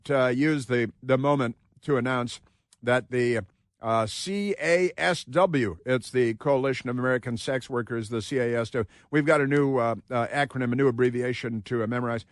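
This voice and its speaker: A man's voice: mid-range voice, no echo. A male radio host speaking into a studio mic, dry and close with no room sound. He holds forth in a sarcastic, opinionated monologue and stretches out the words he wants to land hard. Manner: sarcastic, drawn-out emphatic phrasing. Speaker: radio talk show host.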